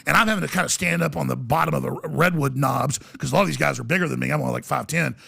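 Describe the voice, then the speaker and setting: A man guest on a podcast, telling a story in an excitable way, stumbling and restarting and acting out what people said. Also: on the high side, very fast, vocal fry, slightly rough. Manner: excitable, many restarts, acts out quotes. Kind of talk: animated storytelling.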